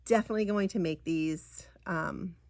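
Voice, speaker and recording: A middle-aged woman with a fairly low, darkish voice chats at a moderate pace, with no echo, through a casual cross-stitch show-and-tell. She gushes over her crafts, rambling with lots of ums and restarts.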